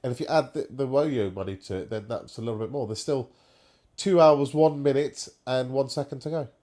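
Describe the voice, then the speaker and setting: A man's voice: mid-range voice, fairly quick, dark tone. A man co-hosting a casual live fan stream, chatting and bantering. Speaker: fan podcast co-host.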